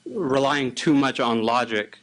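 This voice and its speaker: A man's voice: mid-range voice, unhurried, a bit bright, low-quality recording. A man from the audience asking a question, hesitating and searching for words.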